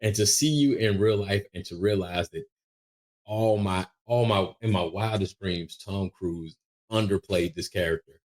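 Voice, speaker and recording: Deep-voiced man telling animated stories. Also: unhurried. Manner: animated, lively anecdote telling with frequent restarts. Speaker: podcast guest, veteran and media producer. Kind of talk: casual storytelling in an interview.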